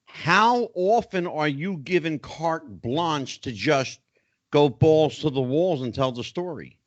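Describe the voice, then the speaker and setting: Slow, deliberate podcast host. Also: male voice, a little high, expressive, no echo, lo-fi sound. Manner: measured, deliberate questioner. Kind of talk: casual podcast interview.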